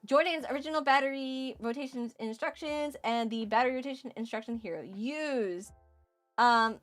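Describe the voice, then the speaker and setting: A woman streamer giving live game commentary, excitable, swinging from muttering to shouting and swearing freely. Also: high voice, normal speed, soft background music.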